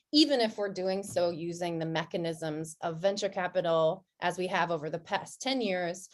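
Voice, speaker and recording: A woman hosting a webinar discussion, speaking in a friendly, measured way and slowing down so the audience can keep up. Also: lowish voice. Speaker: webinar host.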